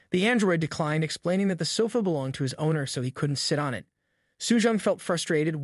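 A man narrating a story recap in an even, steady third-person retelling. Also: on the high side, no echo, clean studio sound.

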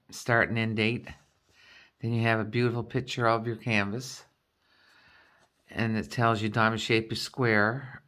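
A woman's voice: a bass voice, a bit bright. A middle-aged woman vlogging a craft kit unboxing, explaining each item in a chatty, step-by-step way. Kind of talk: casual unboxing chat.

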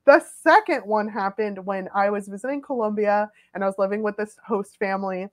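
A young adult woman telling funny personal stories in a casual, animated chat, full of "like" fillers. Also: mid-range voice, a little fast. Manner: chatty, filler-heavy, animated.

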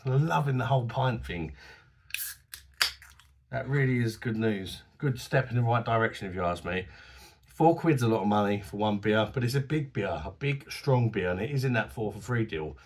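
A man with a husky voice, casually reviewing a beer to camera in a chatty, enthusiastic, slangy way, his voice going a bit hoarse. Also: medium pitch, animated, moderate pace. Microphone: phone camera.

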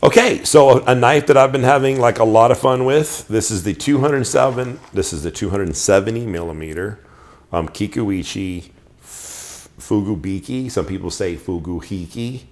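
A man's voice: lowish voice, moderate pace. A middle-aged man casually showing off his knives, enthusiastic and rambling, often restarting his sentences. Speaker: knife collector reviewing knives. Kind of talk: casual show-and-tell.

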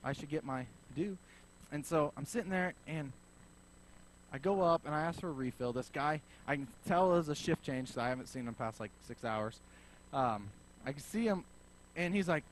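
A man preaching a sermon as pastor, telling a story in a lively way and acting out both sides of the conversation. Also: on the high side, a little fast, a little hiss or hum, rough recording. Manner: animated storyteller acting out dialogue.

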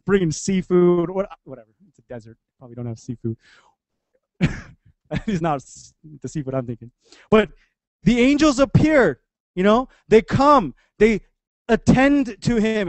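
Man, 30s, pastor, relaxed chatty sermon, acts out story voices, high pitch, dry recording. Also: no echo. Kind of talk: casual sermon.

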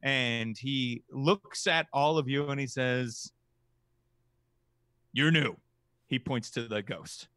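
A man's voice: medium pitch, takes it slowly, hardly any pauses, a bit bright, smooth, dry recording, studio quality. A man running a tabletop game as game master, narrating the action casually with many fillers.

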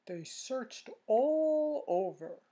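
A woman's voice: on the high side, very animated, slightly rough, pitched above the performer's own voice, exaggerated voice. A woman voicing a sleepy old grandfather while reading a picture book aloud. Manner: slow, soft storybook reading.

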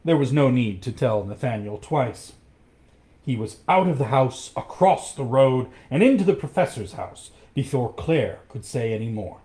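A man reading a storybook aloud, expressive and acting out each character. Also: mid-range voice, moderate pace.

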